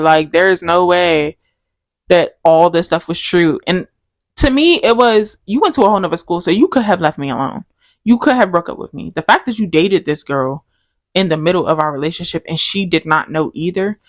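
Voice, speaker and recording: A young woman co-hosting a podcast, telling a story casually and acting out the quoted lines. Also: no room sound. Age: young adult. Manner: animated storytelling, acts out quotes with big pitch jumps. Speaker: podcast co-host. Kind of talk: casual chat.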